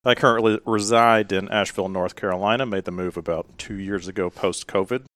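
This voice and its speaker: Deep-voiced man from Memphis. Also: fairly even intonation, fairly quick, fairly bright tone, no echo. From Memphis, Tennessee. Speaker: guest. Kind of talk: casual podcast interview.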